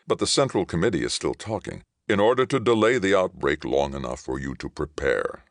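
A curt, stern male envoy, voiced by a male reader, firm and clipped. The delivery is gravelly and raised a little above a plain reading voice. The sound is close and dry. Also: deep voice, expressive, brisk, no echo, pitched above the performer's own voice. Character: curt, stern man from a distant government.

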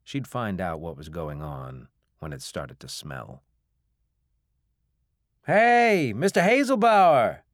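A man reading a novel aloud as an audiobook narrator, in a measured, even way. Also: very deep voice, no echo, clean studio sound. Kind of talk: scripted narration.

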